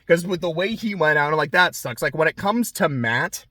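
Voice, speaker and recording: A man's voice: on the high side, normal speed, no room sound. Chatty, swearing man recapping a show. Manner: chatty, profane, excitable storytelling. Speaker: podcast host recapping a TV show. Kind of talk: casual episode recap.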